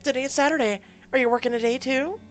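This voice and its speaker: Reader putting on bossy high-voiced mom from a story game, cold and scolding, faint music behind. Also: quick pace, close to an everyday voice. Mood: scolding, imperious. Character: domineering disapproving mother, middle-aged woman.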